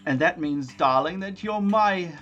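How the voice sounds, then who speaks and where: 男性が演じる大げさで甘ったるい太った吸血鬼の男. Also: male voice, high voice, animated, fairly bright tone, muffled recording, faint music behind, voice pushed up. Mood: pompous. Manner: theatrical, drawn-out fawning delivery. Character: flamboyant fat male vampire primogen, gushing.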